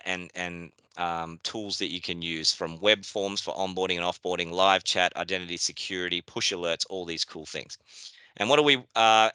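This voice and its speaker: A man's voice: on the low side, sharp tone, smooth, no room sound. A man with a New Zealand accent hosting a business webinar in a chatty, casual way, with fillers and restarts. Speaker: webinar host. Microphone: video call.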